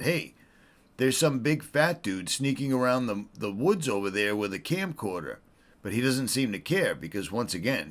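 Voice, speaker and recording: A man with a lowish voice narrating his own wildlife footage as he films it. He talks with his face pressed close to the camcorder's built-in mic, out on a windy mountainside in the snow, dropping dry, self-mocking jokes between observations. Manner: wry, self-mocking joking asides. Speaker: wildlife videographer. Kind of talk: on-the-spot wildlife vlog commentary. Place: outdoors on a snowy, windy mountainside in woods. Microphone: camcorder mic held very close to the face.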